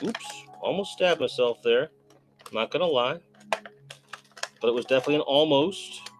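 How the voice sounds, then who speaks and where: A man hosting a relaxed, chatty stream while unboxing toys and answering chat messages. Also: medium pitch, normal speed. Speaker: host. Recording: faint background music.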